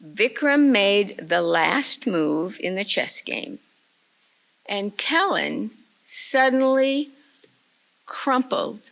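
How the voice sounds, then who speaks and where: An older woman giving a retreat talk, telling a family story in a slow, measured way. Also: medium pitch, very animated, creaky, fairly bright tone, low-quality recording. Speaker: retreat speaker.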